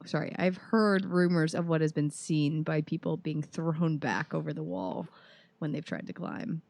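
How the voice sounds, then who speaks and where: A woman's voice: deep voice, fairly even intonation, moderate pace, creaky, darkish tone. A woman playing a tabletop game, chatting in a playful, giggly way. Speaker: player.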